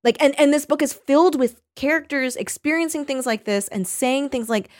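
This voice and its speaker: A woman co-hosting a casual chat, animated, full of "like", and swearing freely. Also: high voice, moderate pace, no room sound, studio quality. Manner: animated, heavy use of 'like', swears.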